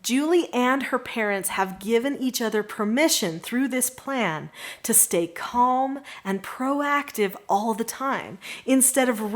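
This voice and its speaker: A middle-aged woman teaches parents how to handle tantrums. Her delivery is earnest and reassuring, and she often lowers into a gentle, soothing voice to model calm. It sounds like a direct-to-camera parenting lesson. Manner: warm, earnest and reassuring, sometimes drops to a soft calm voice. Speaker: parenting educator.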